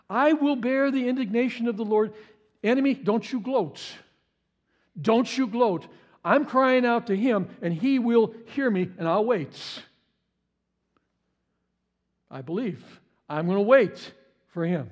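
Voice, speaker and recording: Guy preaching a sermon, pretty high voice, fired up, keeps repeating himself. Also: lively intonation, normal speed, pauses often, lo-fi sound. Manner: impassioned, repeats words, stammers on restarts. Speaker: pastor.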